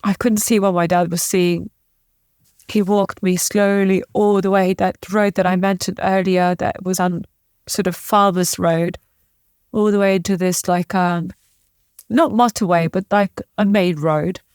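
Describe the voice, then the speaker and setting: A woman from the former Yugoslavia, a guest in an interview, telling a personal story in a halting, emotional way with restarts. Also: lowish voice, fairly even intonation, darkish tone, clear, resonant tone, dry recording, studio quality. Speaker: podcast guest.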